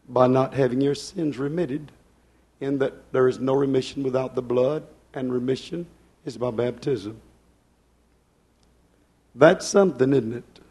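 A man preaching to a church congregation, fervent, swinging between loud outbursts and hushed asides. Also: mid-range voice, slightly rough. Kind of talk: Pentecostal-style sermon. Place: church service.

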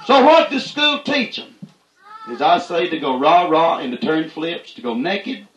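High-voiced folksy preacher man in an echoey room. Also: big pitch swings, unhurried, slight background noise. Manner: folksy, repeats "that's right", rises to shouts. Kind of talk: fiery folksy sermon.

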